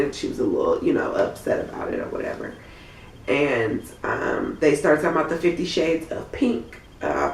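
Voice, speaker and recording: A woman with a hoarse voice from a cold, giving a blunt, chatty recap of a TV episode. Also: deep voice, darkish tone. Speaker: TV episode reviewer. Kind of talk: casual recap commentary. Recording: roomy, from a distant mic.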